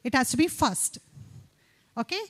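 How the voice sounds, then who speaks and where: High-voiced upbeat woman emcee. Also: expressive, fairly bright tone. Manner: upbeat, coaxing, rattles off tongue twisters fast. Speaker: event emcee. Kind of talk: lively stage hosting. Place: campus event hall.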